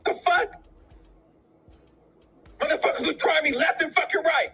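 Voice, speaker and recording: A man's voice: very high-pitched, a little slow, sharp tone, soft background music. A tearful, furious man venting in a profane, repetitive rant.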